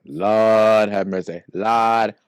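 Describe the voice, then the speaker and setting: A man in a casual group chat on a voice call, joking loudly and cursing. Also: fairly low pitch, flat delivery, drawn-out words, crowd noise. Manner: loud joking banter with cursing and slang. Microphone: online voice call.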